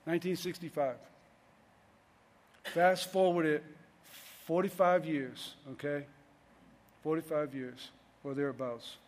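A man's voice: on the high side, fairly even intonation, slow pace, pauses often, long reverb tail. A middle-aged man preaching a sermon in a loose, conversational way, often restarting his sentences. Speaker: pastor.

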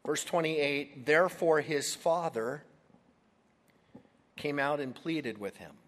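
Slow, expressive preacher in a reverberant hall. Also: male voice, fairly high pitch. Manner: expressive storytelling, acting out voices. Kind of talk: sermon.

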